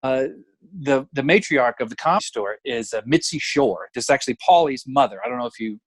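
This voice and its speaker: A middle-aged man, a guest comedian telling stories in a casual, animated, chatty way. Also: mid-range voice, brisk, dry recording. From Alabama, US. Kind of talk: casual anecdotal storytelling.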